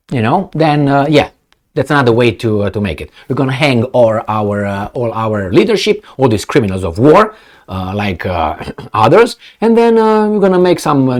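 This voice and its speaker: A man giving a heated political commentary, cursing, with frequent fillers and restarts. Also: mid-range voice. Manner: animated, heated, profane, many fillers and restarts.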